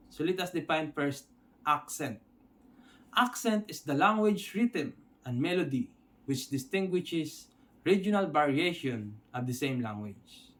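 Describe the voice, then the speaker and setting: A man from the Philippines with a Filipino accent, teaching an English lesson step by step and often checking in with his listeners. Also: fairly high pitch. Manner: explains step by step, checks in with "Okay?". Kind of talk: instructional video lesson.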